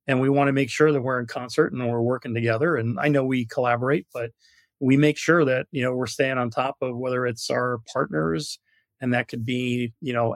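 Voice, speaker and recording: A man from New York speaking as a guest on a business podcast. He talks in an animated, storytelling way and leans on "you know" as he goes. His voice sits at a middle pitch and the sound is close and dry. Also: creaky, no room sound. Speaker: guest, product marketing director. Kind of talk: podcast interview.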